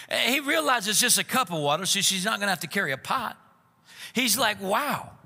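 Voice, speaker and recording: A man preaching a sermon as pastor, animated and acting out the voices he quotes, heard with long hall reverb. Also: sits high, a little slow, long pauses, breathy edge.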